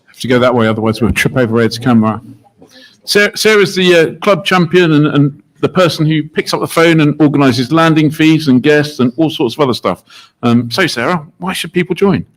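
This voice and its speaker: A man's voice: on the high side, brisk. A man hosting a live show in a studio, chatting casually and joking with his co-hosts. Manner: jokey, chatty, teasing co-hosts. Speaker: livestream host.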